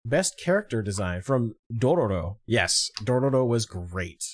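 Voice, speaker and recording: A man's voice: mid-range voice, sing-song, a little slow, no echo, studio quality. A man hosting a casual podcast, talking animatedly and swearing freely as he reads through a list of awards. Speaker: podcast host. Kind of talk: casual chat.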